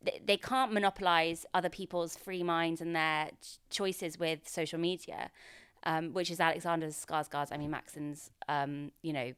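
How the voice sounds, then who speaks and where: A woman's voice: sits low, fairly even intonation, normal speed, fairly bright tone, smooth, no room sound, clean studio sound. A woman co-hosting a podcast, chatting casually and retelling scenes from a TV episode. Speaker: podcast co-host. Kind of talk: casual chat recapping a TV episode.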